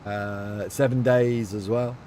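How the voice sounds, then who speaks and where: A man's voice: on the low side, steady tone, slow, warm tone, slight background noise. Rambling man chatting on stream. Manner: rambling, reads chat aloud, many fillers. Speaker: game streamer. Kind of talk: casual livestream chat.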